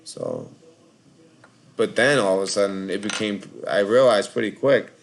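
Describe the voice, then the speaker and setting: Tired Boston-accented male call-in host, low and gravelly, loose rambling delivery. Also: big pitch swings, moderate pace. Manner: rambling, filler-heavy, lots of "like". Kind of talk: casual live call-in chat.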